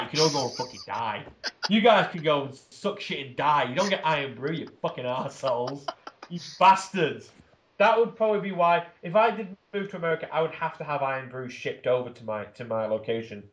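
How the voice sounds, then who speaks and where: A man's voice: a little high, a bit bright. An English man talking as an interview guest, ranting with heavy swearing. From England. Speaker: podcast guest. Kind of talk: casual interview chat. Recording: roomy echo.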